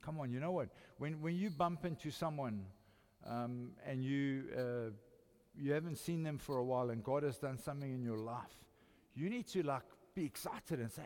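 An older man with a South African accent preaching a sermon, swinging between loud emphatic lines and quiet, intimate ones. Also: mid-range voice, normal speed. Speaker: pastor. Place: church hall. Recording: long church reverb.

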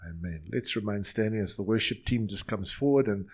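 A man's voice: lowish voice, a little fast. A male pastor leading his congregation in an earnest, line-by-line prayer during a sermon in a church.

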